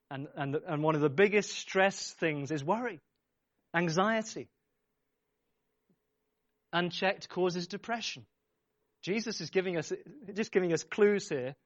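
A pastor preaches emphatically, repeating his phrases and urging the congregation on. His voice runs on the high side, and the dry recording has its highs cut off.

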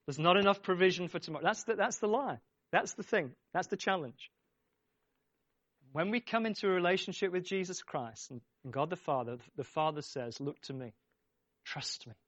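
A man's voice: high voice, a bit bright, no room sound, dull audio. A man preaching a sermon, speaking emphatically, repeating his phrases and urging the congregation on. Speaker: pastor.

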